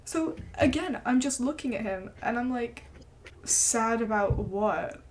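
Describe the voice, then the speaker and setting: A young woman streamer telling a story in casual chat, animated and swearing freely as she acts out what people said. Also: on the high side, measured pace, slight background noise.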